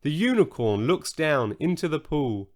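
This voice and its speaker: A man reading a children's story aloud, unhurried and deliberate. His voice sits a little high for a man and moves with lively, animated pitch, giving each sentence a gentle, expressive storyteller's lilt.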